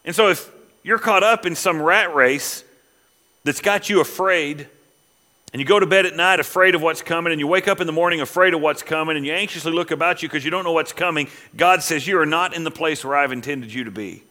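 Middle aged guy preaching a sermon, bright slightly high voice, gets loud on the verses then quiet. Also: a little fast. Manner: preaching, swells loud on scripture quotes, drops to quiet asides. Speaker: pastor.

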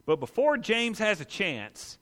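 Animated preacher with a bright voice. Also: male voice, high-pitched, a little slow. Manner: animated storytelling, playful asides. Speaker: pastor. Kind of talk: sermon. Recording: echoey hall.

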